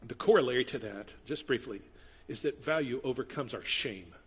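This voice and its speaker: A man preaching a sermon as pastor, animated, moving from loud emphatic passages to quiet asides. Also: mid-range voice, moderate pace, breathy edge. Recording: long hall reverb.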